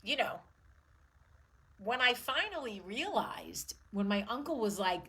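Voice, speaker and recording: A woman's voice: on the high side, very animated, a little slow, bright, forceful tone, breathy edge, low-quality recording. A woman in her forties hosting her own vlog, talking candidly and emotionally and swearing freely. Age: 40s. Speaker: show host. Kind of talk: candid personal vlog monologue.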